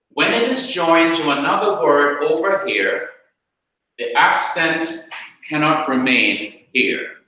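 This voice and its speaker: A man with a Jamaican accent teaching Hebrew grammar in a slow, deliberate classroom lecture, repeating his points. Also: medium pitch, bright, forceful tone. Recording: very echoey room.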